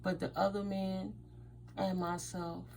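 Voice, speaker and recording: A woman's voice: mid-range voice, flat delivery, a little slow, gravelly, darkish tone, slight background noise, rough recording. A woman from the United States doing a casual tarot reading and telling stories, blunt and emphatic, with Spanish words mixed in. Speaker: tarot reader.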